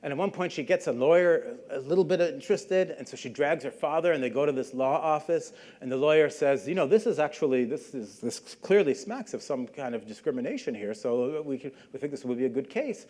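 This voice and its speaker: A man's voice: mid-range voice, expressive, a little fast, few pauses, darkish tone. A middle-aged man giving a public lecture, telling a story in a conversational way and briefly acting out the people he quotes. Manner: conversational, acts out quoted voices. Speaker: guest lecturer.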